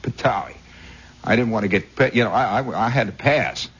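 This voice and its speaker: On a dull 1960s radio recording, a Indiana-born host tells a meandering story at a brisk clip. His voice sits on the low side, and he comes across as a husky, animated raconteur.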